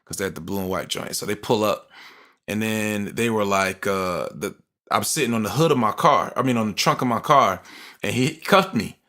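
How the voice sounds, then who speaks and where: A young adult man co-hosting a podcast, telling a personal story in animated, slangy casual talk. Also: lowish voice, normal speed. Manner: animated storytelling, slangy, acts out quoted voices. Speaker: podcast co-host.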